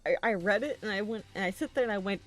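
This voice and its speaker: A woman's voice: medium pitch, fast. A woman chatting casually with friends while they play through a dating game. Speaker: player. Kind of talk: casual chat.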